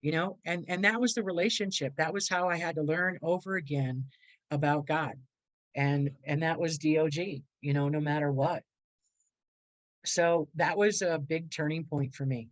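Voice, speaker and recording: Animated older woman telling her story. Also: deep voice, normal speed, dry recording, poor audio. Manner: lively, acts out quoted voices, laughs often. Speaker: guest speaker.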